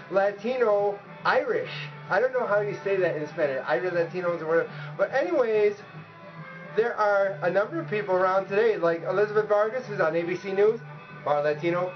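A man's voice: high voice, dull audio. A man hosting his own casual cooking vlog, chatty and joking, upbeat. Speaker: cooking show host.

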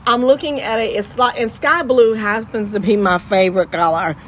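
A woman's voice: medium pitch, moderate pace, a bit bright, a little hiss or hum. A woman with an East Texas Southern accent hosting Christian radio, talking in an exuberant, preachy way and repeating her phrases. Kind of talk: lively radio chat.

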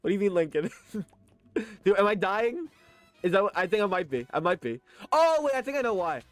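A man's voice: high-pitched, very animated, brisk, dry recording, faint music behind. A young man in his late teens, a live streamer, chatting casually and reading his chat aloud, with a slurred lisp because new braces keep his mouth open. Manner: chatty and joking, laughs often, stammers on restarts.

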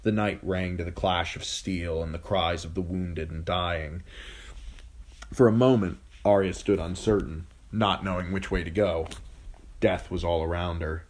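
A male audiobook narrator with a deep, low voice, reading a fantasy chapter aloud. He tells the story steadily, fixing an occasional slip as he goes. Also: fairly even intonation, measured pace. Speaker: audiobook reader. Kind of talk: scripted narration.

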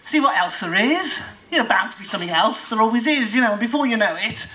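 Woman, comic spoken word performer, high voice, big swooping delivery, self-mocking. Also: animated, quick pace, pushed and bright, poor audio. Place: live performance venue.

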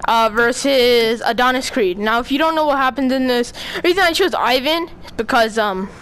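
A woman giving gameplay commentary with playful trash talk, often pausing on fillers and clearing her throat. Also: a little high, lively intonation, fairly bright tone. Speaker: gamer.

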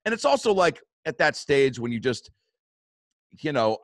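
A man's voice: mid-range voice, big pitch swings, moderate pace, fairly bright tone, no room sound, studio quality. A man hosting a podcast, telling a story casually, swearing often and acting out what people said with bursts of laughter. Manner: swears a lot, acts out quotes, laughs often. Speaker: podcast host.

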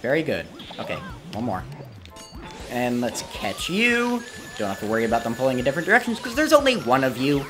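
A man's voice: mid-range voice, wildly swooping pitch, a little fast, music in the background. A man commentating his own gameplay, easily frustrated, swearing and pleading at the game as he plays. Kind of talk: let's play commentary.

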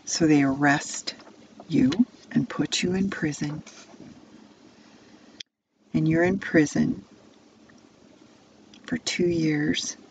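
Woman narrator for kids' Bible story, slow, gravelly, dull lo-fi sound. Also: low voice, steady tone, a little hiss or hum. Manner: second-person immersive storytelling. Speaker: children's storyteller. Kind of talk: telling a Bible story to children.

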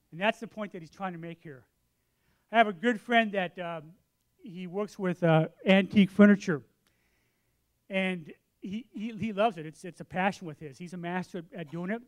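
A man preaching a sermon in a church, telling stories with lively acted-out voices. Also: sits high. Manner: animated storytelling, acts out his own voice and others'. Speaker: pastor. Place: church sanctuary.

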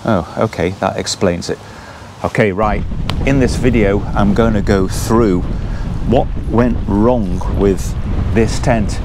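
A man's voice: lowish voice, a little mellow, a little hiss or hum. A man casually reviewing a tent outdoors in a chatty, detailed, self-deprecating way. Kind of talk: casual gear review vlog.

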